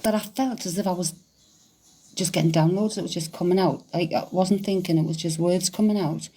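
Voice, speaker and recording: A middle-aged woman, chatting casually on a livestream, excitable, laughing often and swearing freely. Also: on the low side, fairly quick, husky. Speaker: psychic medium livestreamer. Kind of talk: casual livestream chat reading comments.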